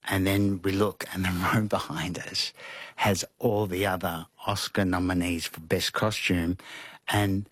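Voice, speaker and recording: A man, a guest in an interview, telling animated stories and acting out quotes with laughs. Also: low voice, unhurried, dry recording, studio quality. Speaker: interview guest, costume designer. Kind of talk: conversational storytelling.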